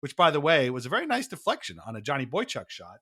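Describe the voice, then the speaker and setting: Bright-voiced wry male podcast host. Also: mid-range voice, huge pitch swings, quick pace, breathy edge. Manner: laughs easily, wry and storytelling. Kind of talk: casual chat.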